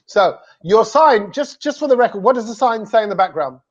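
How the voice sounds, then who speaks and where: A host running a live cricket fan show over a video call, playful and teasing, firing quick questions at guests. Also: mid-range voice, lively intonation. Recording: dull lo-fi audio.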